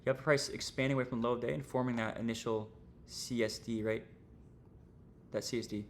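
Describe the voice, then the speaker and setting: Gravelly young man, casual stream talk. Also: medium pitch, fairly even intonation, quick pace, a little hiss or hum. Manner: casual, slangy, rambling with fillers. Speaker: trading streamer. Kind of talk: casual livestream lesson.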